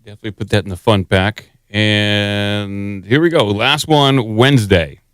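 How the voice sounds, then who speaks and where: A man's voice: fairly low pitch, normal speed, a bit bright, smooth, no echo, studio quality. A man hosting a podcast, talking casually while he plays clips and fixes the sound settings. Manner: rambling while working the sound board. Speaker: podcast host. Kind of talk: casual chat.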